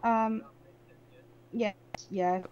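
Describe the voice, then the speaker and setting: A woman playing a police colleague in a role-play game, talking in a hurried, reassuring way. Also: fairly high pitch, steady tone, a little mellow, muffled recording. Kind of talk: in-character role-play chat.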